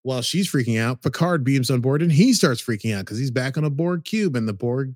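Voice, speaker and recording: A man co-hosting a podcast, retelling a TV episode in a casual, animated way. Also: mid-range voice, no room sound, studio quality. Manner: animated storytelling, slips into quick quoted voices. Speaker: podcast co-host recapping a TV episode. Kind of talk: casual recap chat.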